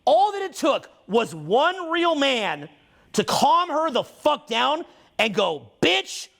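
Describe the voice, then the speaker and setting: Very high-pitched and a bit bright, this male voice carries vocal fry and a great deal of animation. He's a social skills coach delivering a fast, sweary, unscripted rant that keeps accelerating once he's on a roll.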